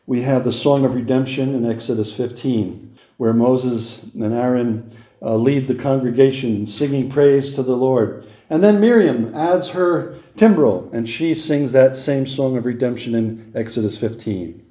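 Male preacher, mellow tone, methodical teaching sermon, repeats for emphasis, reverberant room. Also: medium pitch. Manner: deliberate teaching, repeats key points for emphasis. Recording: echoey room.

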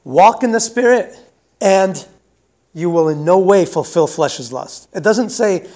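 A man teaching a Bible lesson in a sermon style, talking fast and conversationally and often checking in with the audience. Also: high voice, animated, warm tone.

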